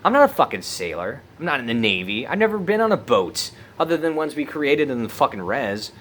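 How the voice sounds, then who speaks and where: A man's voice: mid-range voice, very animated, fairly quick, a bit bright, a little hiss or hum. A young man casually telling a story on his vlog, laid-back and heavy on swearing, laughing at himself as he goes. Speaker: vlogger.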